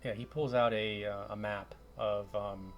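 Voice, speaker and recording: Halting low-voiced game master. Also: male voice, steady tone, slight background noise. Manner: halting, many fillers and restarts. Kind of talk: narrating a tabletop game.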